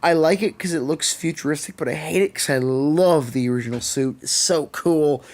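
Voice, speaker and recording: A man's voice: fairly high pitch, moderate pace, darkish tone. A young man with a Canadian accent, ranting sarcastically and swearing often as a podcast co-host. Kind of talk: casual chat. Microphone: podcast microphone.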